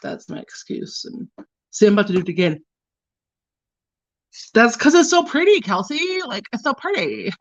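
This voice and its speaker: A drowsy woman hosts a livestream, trading jokes with viewers while she works on her makeup. Her pitch leaps and dips freely as she teases. The sound is dull and lo-fi, with no room echo around her. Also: sing-song, normal speed, long pauses. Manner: playful and teasing, yawning often. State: sleepy. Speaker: livestream host doing makeup. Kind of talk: casual chat with live viewers. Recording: dull, lo-fi and dry.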